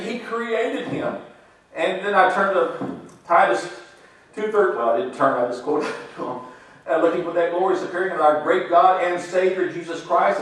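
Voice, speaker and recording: A man giving a lively testimony to a congregation, quoting scripture and laughing as he tells his stories. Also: sits high. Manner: animated storytelling, quotes scripture, laughs often. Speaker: church member giving testimony. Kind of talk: sermon-like testimony. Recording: echoey hall, speaker far from mic.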